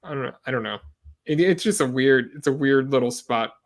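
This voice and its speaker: A man's voice: medium pitch, fairly quick. Wry, hesitant man talking movies. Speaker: podcast co-host. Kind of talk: casual movie review chat.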